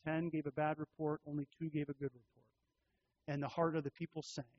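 A man preaching a sermon as pastor, teaching through a scripture passage in a measured way and repeating key phrases for emphasis. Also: a little high, flat delivery, lo-fi sound.

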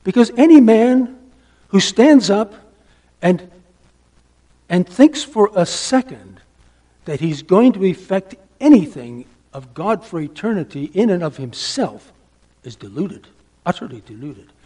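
A man preaching a sermon, emphatic, asking rhetorical questions and dropping to a hush for stress. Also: high voice, big pitch swings, measured pace, pauses often. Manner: asks the listeners rhetorical questions.

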